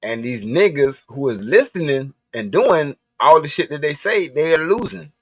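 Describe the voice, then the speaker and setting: A man's voice: a little high, expressive, normal speed, husky, no room sound. Blunt, profane man ranting. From Southern US. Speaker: livestream host. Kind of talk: casual ranting monologue.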